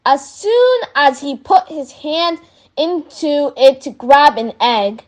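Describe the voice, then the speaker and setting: A woman reading a children's story aloud in a measured, lively way. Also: sits high.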